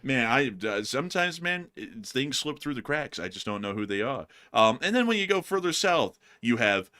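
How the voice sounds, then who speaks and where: A man's voice: mid-range voice, sing-song, moderate pace, sharp tone. A young man hosting a casual chat show, rambling and joking, laughing often as he talks. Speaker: show host.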